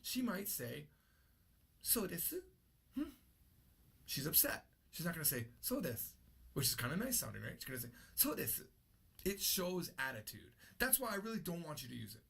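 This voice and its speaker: A man's voice: a little high, very animated, fast talker, vocal fry, hardly any pauses, bright, forceful tone, husky. A man teaching an unscripted language lesson, explaining patiently and repeating his key points. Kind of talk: unscripted classroom-style lesson.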